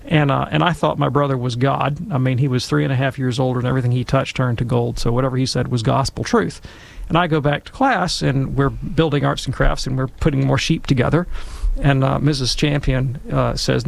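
A man's voice: medium pitch, fairly even intonation, a little fast, gravelly. A middle-aged man telling a wry, self-deprecating anecdote, then giving theological commentary in a Catholic discussion.

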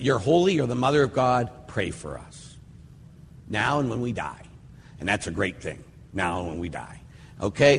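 An older man, a Catholic priest, giving a casual, rambling teaching talk that slows down whenever he recites prayers. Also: mid-range voice, creaky. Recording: hall reverb with faint ambient noise.

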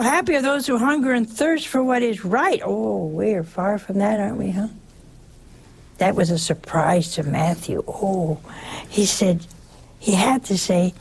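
A woman's voice: medium pitch, gravelly, slightly rough. A woman giving a conversational sermon in a folksy way, often turning to the listeners with rhetorical questions. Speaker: preacher.

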